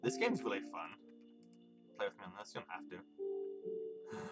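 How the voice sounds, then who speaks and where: A man's voice: fairly low pitch, very animated, unhurried, loud music behind the voice. A young man streaming a video game, rambling loosely and chuckling as he chats with his viewers. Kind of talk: casual live gameplay commentary.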